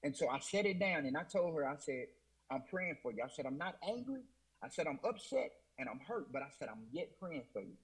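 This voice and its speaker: A man's voice: a little high, big pitch swings, brisk, breathy edge, low-quality recording. A man telling his personal faith testimony in an emotional, repetitive storytelling way, often quoting himself with "I said.". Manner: emotional, repeats "I said", Southern US Black church speech. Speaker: guest.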